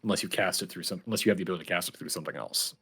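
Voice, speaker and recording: A man with a fairly low voice narrates a tabletop game as game master. He talks loosely, with many fillers and restarts, describing scenes and calling for rolls. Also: racing, a bit bright, breathy edge.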